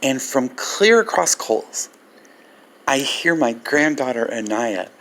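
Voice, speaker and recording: Older male vlogger, gravelly grain, warm animated storyteller. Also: medium pitch, slow, a little hiss or hum. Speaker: Christian ministry vlogger. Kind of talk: personal storytelling testimony.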